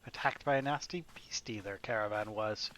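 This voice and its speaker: A man's voice: lowish voice, moderate pace, fairly bright tone, slight background noise, close to an everyday voice. A man voicing a sly, cringing male birdman scout who speaks with backwards word order. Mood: wheedling.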